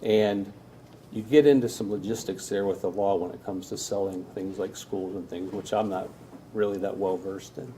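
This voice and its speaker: Sincere middle-aged school official. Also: male voice, low voice, steady tone, normal speed, mellow. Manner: sincere, heartfelt. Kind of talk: public meeting remarks. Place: council chamber. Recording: faint room noise, council meeting.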